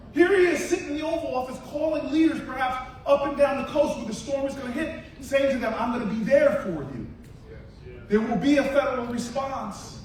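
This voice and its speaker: A man giving a rousing political speech at a rally, telling a story that swings from hushed to shouted calls to the crowd. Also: very high-pitched, distant mic. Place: large university hall with a crowd. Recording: echoey hall, mic heard from afar.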